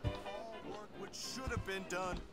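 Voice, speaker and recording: An actor playing a fussy, exasperated gentleman who complains and stammers in a video game. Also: high-pitched, steady tone, slow, slightly rough, soft background music, heavily acted. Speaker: game character.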